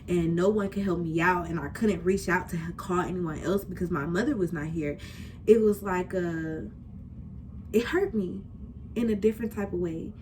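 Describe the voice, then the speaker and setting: A woman's voice: lowish voice, a little mellow, a little hiss or hum. A young woman in her twenties hosting a podcast, talking candidly and casually about her life, with slangy, heartfelt phrasing. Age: 20s. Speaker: podcast host. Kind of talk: candid personal talk.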